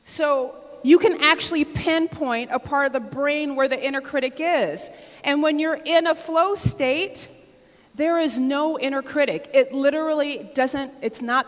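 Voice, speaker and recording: An American woman speaking at a conference, her voice sitting a bit high and full of eager energy. She draws the audience in and urges them to call out answers, at times nearly shouting. The sound rings with the long reverb of a large hall. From United States. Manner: loud and excitable, close to shouting. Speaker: keynote speaker. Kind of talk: conference keynote talk.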